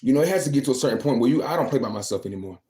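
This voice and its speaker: Fast-talking young man venting on a livestream. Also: mid-range voice, animated, mellow. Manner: venting, emphatic, repeats himself. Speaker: livestreaming vlogger. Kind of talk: casual livestream rant.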